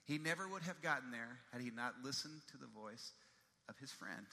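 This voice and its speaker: Bright-voiced male pastor preaching in a hall. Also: mid-range voice, gravelly. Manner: emphatic storyteller who repeats key phrases. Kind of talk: sermon.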